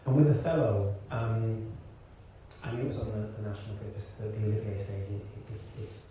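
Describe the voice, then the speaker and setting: Before a large hall audience, a Birmingham, England actor and director, interviewed onstage, tells stories animatedly, breaking into laughter and restarting frequently. His pitch is fairly low and his pace brisk. The recording is muffled and taken from a distance, echoey with background hiss.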